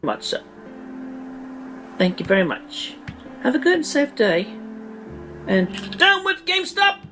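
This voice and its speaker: A woman's voice: high-pitched, very animated, unhurried, fairly bright tone, soft background music, exaggerated voice. A woman in an archived clip ranting in a put-on, theatrical British-sounding accent, pompous and indignant. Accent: imitated British. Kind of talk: archived online video rant.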